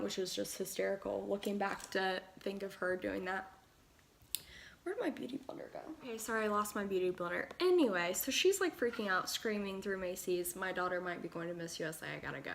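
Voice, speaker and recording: A woman's voice: medium pitch, vocal fry, slight background noise. Chatty young woman retelling a story. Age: young adult. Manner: excited, rapid retelling with quoted dialogue. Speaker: pageant contestant vlogger. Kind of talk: casual storytelling while doing makeup.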